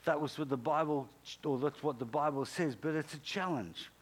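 A man's voice: on the high side, moderate pace. A male pastor preaching a sermon in an emphatic, repetitive way, punctuated by sudden exclamations.

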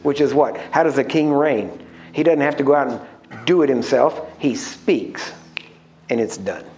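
A man preaching a sermon, emphatic, slowing down to stress key words and asking the congregation questions. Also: mid-range voice, darkish tone.

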